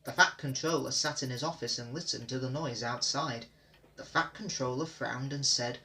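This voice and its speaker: A man's voice: mid-range voice, moderate pace, sharp tone, slight background noise, poor audio. Man reading a storybook aloud.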